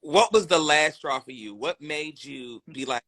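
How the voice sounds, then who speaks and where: A woman's voice: low voice, expressive, a little slow, fairly bright tone. A woman hosting a casual conversational interview, sympathetic and asking probing follow-up questions. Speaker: host.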